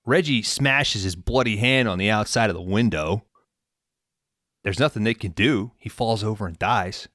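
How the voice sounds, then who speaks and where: A man's voice: fairly low pitch, moderate pace, fairly bright tone, no echo, clean studio sound. A man hosting a podcast, casually recapping a movie in a laid-back, profane storytelling way. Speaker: podcast host.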